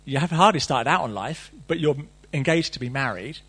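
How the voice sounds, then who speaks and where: Male preacher, middle-aged, husky, lively sermon delivery with playful asides. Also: medium pitch, fairly quick. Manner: reads scripture then riffs animatedly, playful asides.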